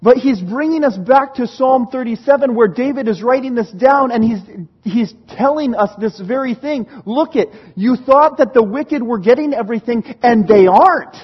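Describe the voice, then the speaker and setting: A man preaches in a high, husky voice, animated and quick to laugh as he acts out the lines he quotes. The recording is dull and lo-fi. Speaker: pastor. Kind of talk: sermon.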